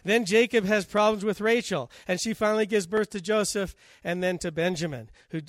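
A man's voice: high-pitched, a little fast, no room sound, clean studio sound. A man preaching a sermon, telling scripture stories and acting out the quotes. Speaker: pastor.

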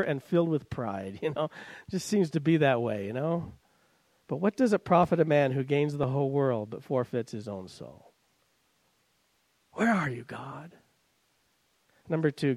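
Male pastor delivering a sermon with a high voice, close and dry on the mic, moving between raised preaching and quiet pleading. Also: no echo. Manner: swings from loud, high preaching to hushed, slow pleading.

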